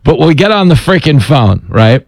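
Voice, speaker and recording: A middle-aged man hosting a radio talk show, joking and self-deprecating with quick asides. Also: a little high, sing-song, vocal fry, dry recording. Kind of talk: casual talk radio banter.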